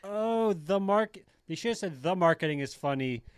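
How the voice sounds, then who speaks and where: High, jokey male co-host. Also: expressive, normal speed, smooth, no room sound, clean studio sound. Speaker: podcast co-host. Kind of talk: casual comedic chat.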